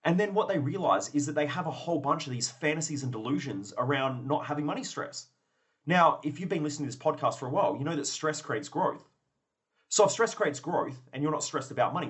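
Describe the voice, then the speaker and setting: Fast-talking blunt male podcast host. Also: on the high side, fairly bright tone. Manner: blunt and profane, acts out both sides of conversations. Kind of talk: motivational podcast monologue.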